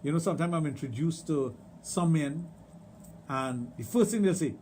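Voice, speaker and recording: A man's voice: a little high, normal speed, a little mellow, slight background noise. Emphatic Trinidadian man, radio sexologist. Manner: emphatic, storytelling, repeats phrases. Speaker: radio show host, sexologist. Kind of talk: casual radio chat.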